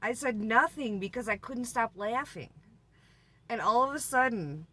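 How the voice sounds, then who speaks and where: Woman vlogger doing story time, bright voice, chatty and laughing a lot. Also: on the high side, animated, normal speed.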